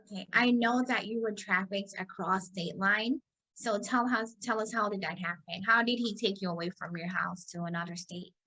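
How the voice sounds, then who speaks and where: A woman hosting an interview, asking calm, gentle questions. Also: mid-range voice, moderate pace. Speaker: interview host.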